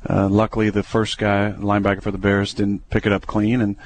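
Young guy w a lowish voice, quarterback breaking down plays, lots of ums and restarts, faint hiss behind. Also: fairly quick. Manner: relaxed, hesitant, many fillers and restarts. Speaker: football quarterback. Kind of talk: casual radio interview.

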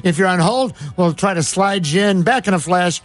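Middle-aged male sports radio host, boisterous and rambling, high voice, faint music underneath. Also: moderate pace. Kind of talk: casual radio chat.

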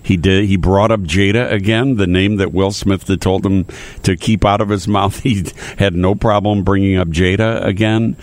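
A man hosting a radio show, chatting casually and speaking haltingly with frequent pauses and restarts. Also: sits low, fairly even intonation. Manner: hesitant, many uh fillers and restarts. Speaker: radio host.

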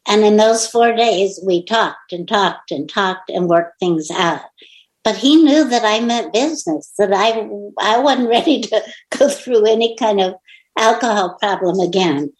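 A woman's voice: medium pitch, a little slow, rough recording. A middle-aged woman, an author being interviewed, telling a personal story in casual conversation and acting out the quoted lines. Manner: animated storyteller who acts out quoted dialogue.

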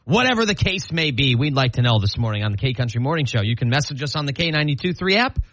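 A man from the Midwest co-hosting a morning radio show, easygoing and quick to laugh in casual banter. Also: medium pitch, no echo. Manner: lively, easygoing, laughs often. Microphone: studio mic.

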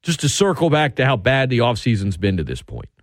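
A man hosting sports talk radio from a studio, ranting with heated sarcasm and sharp emphasis. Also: mid-range voice, sing-song, fairly quick, dry recording.

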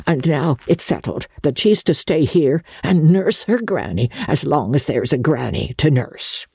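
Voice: mid-range voice, a little mellow, slightly rough, no echo, studio quality, pitched above the performer's own voice, heavily acted. A reader voicing a shrewd, domineering old grandmother in an audiobook. The voice rises above the narration and sounds coaxing and archly theatrical. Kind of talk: audiobook character voice.

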